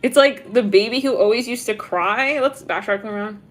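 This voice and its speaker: A woman's voice: fairly high pitch, moderate pace. A young woman giving a casual tarot reading, rambling with constant "like" fillers and frequent giggles. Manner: giggly, rambling, heavy use of "like". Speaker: tarot reader.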